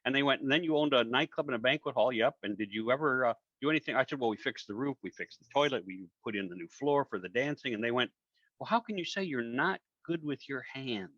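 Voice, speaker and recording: A man's voice: medium pitch, animated, fast, fairly bright tone, dry recording. Older male guest, conversational storyteller, muffled dry sound. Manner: conversational, acts out quoted dialogue, many fillers. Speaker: guest speaker. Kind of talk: storytelling interview answers. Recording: dull dry audio.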